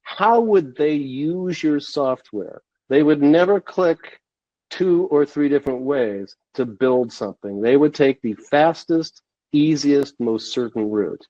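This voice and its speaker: A man being interviewed on a podcast, telling a story at a steady, measured pace. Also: fairly high pitch, no echo. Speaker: guest, sales consultant. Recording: dull, dry lo-fi sound.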